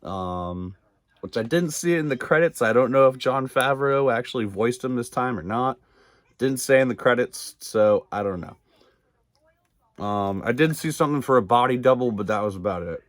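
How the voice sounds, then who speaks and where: Animated and mid-range, a man's voice moves at a moderate pace with no echo as he casually recaps a TV episode. He's a video reviewer who rambles, curses freely, leans on fillers and laughs a lot.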